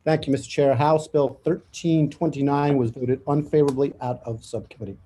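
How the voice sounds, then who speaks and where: A man's voice: mid-range voice, steady tone, brisk, warm tone, husky. A male committee member explaining an amendment in a casual, joking way.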